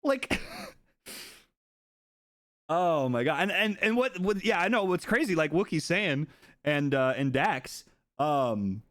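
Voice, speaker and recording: A man streaming live, casually telling a story to his chat, swearing freely and acting out what others said in a higher voice. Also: expressive, slow pace, fairly bright tone, dry recording.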